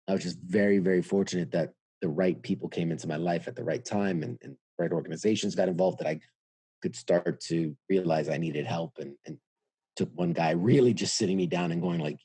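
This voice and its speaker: Middle-aged New Yorker, veteran guest; mellow husky voice, dry close sound, acts out quotes. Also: male voice, deep voice, no echo. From New York. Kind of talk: candid interview storytelling.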